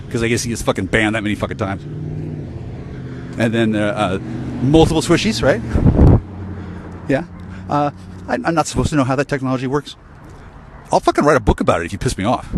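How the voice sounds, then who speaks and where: A man's voice: medium pitch, a little hiss or hum. A man ranting in an angry, profane monologue to camera, rambling with stammered restarts and sighs, recorded outdoors on a city street. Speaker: vlogger.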